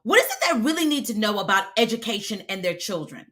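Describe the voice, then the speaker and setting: An emphatic American woman in her forties coaches viewers on a live stream and answers their comments as she goes. Her pitch swings widely and her tone is bright and forward. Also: big pitch swings, fast talker. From United States. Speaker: video visibility coach.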